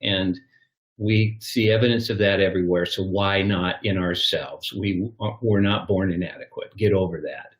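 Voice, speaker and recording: An older man with a low voice gives reflective advice on a podcast. He tells his stories like little scenes. A roomy echo hangs around his voice. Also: moderate pace. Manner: storytelling, acts out little scenes. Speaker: guest.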